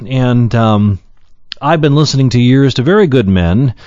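A man giving an earnest Bible teaching, slowing down to read Scripture aloud and then explaining each verse. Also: medium pitch, expressive, a little mellow, no room sound, lo-fi sound. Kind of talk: sermon-style Bible teaching.

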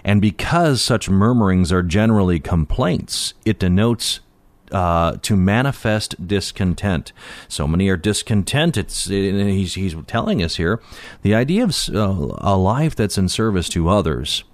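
A man with a fairly low voice teaches through a Bible passage in an unhurried, conversational manner. He pauses on fillers and lifts his voice to stress key words. The recording is dry and close, with no room sound. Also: lively intonation, dry recording.

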